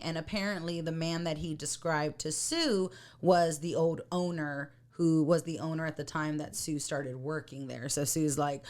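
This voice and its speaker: A woman co-hosting a casual podcast, telling the story of a TV episode with frequent laughter. Her voice sits a little low for a woman, and she acts out the people she quotes. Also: fairly even intonation, moderate pace, few pauses, darkish tone. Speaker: podcast co-host. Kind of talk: casual chat recapping a TV episode.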